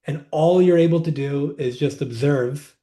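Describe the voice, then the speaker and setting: A man as a podcast guest, calmly explaining a wellness practice in a reflective, conversational way, seated indoors. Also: a little high. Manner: reflective, unhurried, says "like" often. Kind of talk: conversational interview, teaching.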